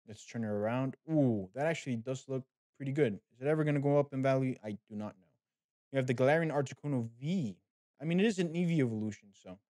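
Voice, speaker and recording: Clean studio audio with no room sound captures a mid-range male voice hosting a card pack opening. This channel host is animated and chatty, speaking casually and directly to viewers he calls guys.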